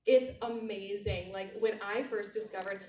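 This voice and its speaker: A woman's voice: medium pitch, slight background noise. Woman coaching a room, handheld mic. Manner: animated, repeats key phrases slowly. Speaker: sales trainer. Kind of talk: motivational talk to a live audience. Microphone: handheld mic held away from mouth. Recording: roomy, distant handheld mic.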